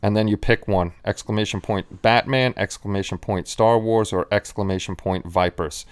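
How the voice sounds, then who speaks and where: Low, smooth-voiced man chatting. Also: fairly even intonation, moderate pace. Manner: rambling, with frequent restarts and fillers. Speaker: live stream host. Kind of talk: casual live stream chat.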